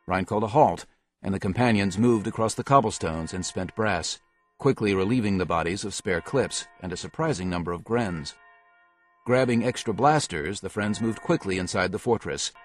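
A man giving a steady, measured scripted audiobook narration. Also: on the low side.

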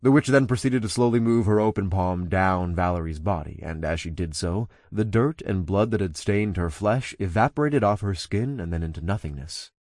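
A man narrating a first-person audiobook in a relaxed, conversational way. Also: low voice, normal speed, few pauses, no echo, studio quality.

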